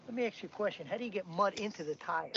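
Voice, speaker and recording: A man's voice: sits high, gravelly. A cocky, wisecracking city guy. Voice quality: wisecracking, fast retorts. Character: brash big-city man out of place, cocky. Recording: dull film soundtrack with loud outdoor noise.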